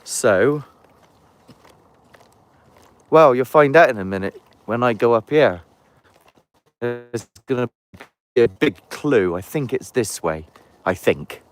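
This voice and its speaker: A man's voice: mid-range voice, expressive, takes it slowly, long pauses. A man with a chatty, rambling manner, streaming a live walking vlog outdoors in woodland on a handheld phone. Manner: chatty, rambling, jokey asides. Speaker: paranormal investigator, live streamer.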